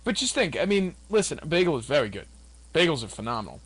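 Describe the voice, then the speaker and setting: A man's voice: fairly high pitch, big pitch swings, fast, slightly rough, dry recording, low-quality recording. A young man co-hosting a college radio show, teasing his co-host and joking around with many fillers. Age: young adult. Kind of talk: casual radio chat.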